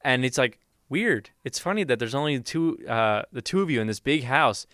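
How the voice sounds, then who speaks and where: A young man co-hosting a podcast in casual chat. He retells scenes in an animated way and drops into quick impressions. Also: medium pitch, dry recording, clean studio sound. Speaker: podcast co-host.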